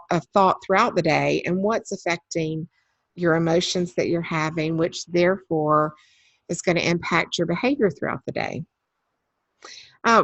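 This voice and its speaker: A woman's voice: lowish voice, dry recording. Chatty woman presenting a webinar. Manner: chatty and anecdotal, with frequent ums. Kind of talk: conversational webinar talk.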